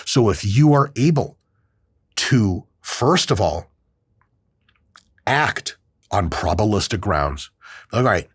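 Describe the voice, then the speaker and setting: A man's voice: fairly low pitch, slow pace, pauses often, husky, dry recording, clean studio sound. A man hosting a podcast in casual chat, swearing freely and acting out quoted voices. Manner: profane, animated, acts out quoted voices. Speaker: podcast host.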